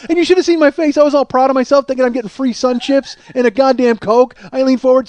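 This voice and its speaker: A man's voice: very high-pitched, steady tone, fast talker, hardly any pauses, darkish tone, a little hiss or hum. A man telling a long comic story about himself, rambling, self-mocking and profane. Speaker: comedy podcast host. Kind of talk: solo comedic storytelling.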